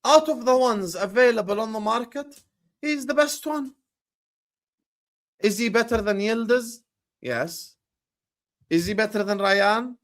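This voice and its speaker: A man's voice: high-pitched, unhurried, long pauses. A man hosting a livestream about football, arguing his points emphatically with rhetorical questions. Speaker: streamer and football pundit.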